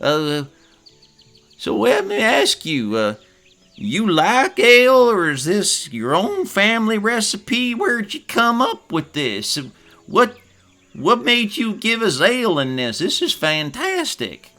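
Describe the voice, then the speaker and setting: A hearty, friendly barley farmer, played by a man in a tabletop game. His voice goes loud and high, and he drags out words as he raves. The tone is bright and sharp. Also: huge pitch swings, full character voice. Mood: delighted. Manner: booming, drawn-out enthusiasm.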